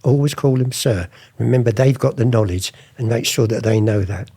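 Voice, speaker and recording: Warm in tone and breathy at the edges, an older man's medium-pitched voice moves at normal speed. He is a former art forger giving a chatty interview, acting out old conversations in different voices as he tells stories.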